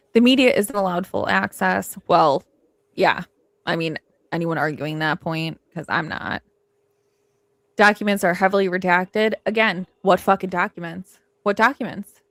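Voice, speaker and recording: Woman true crime host, gravelly edge, dry close sound, emphatic and rambling. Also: on the low side, dry recording. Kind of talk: casual livestream discussion.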